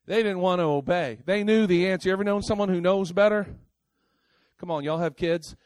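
High-voiced, animated male preacher. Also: brisk, no echo. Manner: animated, swings between loud outbursts and quiet asides; casual, talks straight to the congregation. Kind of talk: sermon.

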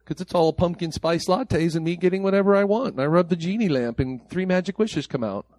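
A man preaches a sermon from the pulpit, his voice sitting a little high for a man. He slips into mocking voices whenever he quotes the people he is talking about. The sound is dry and close, with almost no room around it. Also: fairly quick, darkish tone, no room sound. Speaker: pastor.

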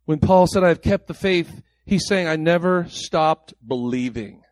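A man preaches a sermon from the pulpit, his voice sitting a little high for a man. He slips into mocking voices whenever he quotes the people he is talking about. The sound is dry and close, with almost no room around it. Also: measured pace, darkish tone, dry recording. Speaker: pastor.

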